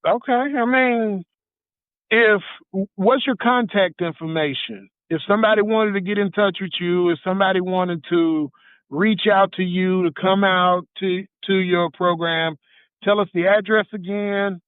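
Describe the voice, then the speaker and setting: A male host running a casual interview, eager and quick to answer with repeated affirmations. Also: sits high, clear, resonant tone, dry recording. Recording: dry tinny phone-like sound.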